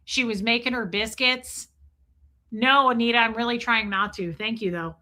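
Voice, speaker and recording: Middle-aged woman streamer, brash and animated, bright cutting tone. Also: on the high side, moderate pace. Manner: profane, animated, acts out quotes. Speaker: livestream host. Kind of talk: gossip commentary livestream.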